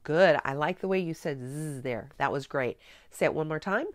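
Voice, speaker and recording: A middle-aged woman teaching a spelling method, explaining clearly and coaching a student step by step. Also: low voice, moderate pace, dry recording. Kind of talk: instructional demonstration.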